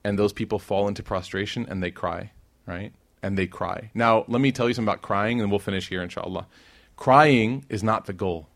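A man's voice: lowish voice, fairly even intonation, quick pace. A young man giving an informal sermon, talking casually with the crowd, then rising to emphatic peaks. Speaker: preacher.

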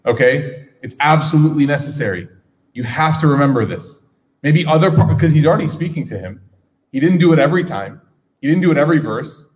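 A man's voice: fairly high pitch, expressive, fairly quick, darkish tone. A man teaching a class on scripture, casual and engaging, asking his audience questions. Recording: reverberant hall.

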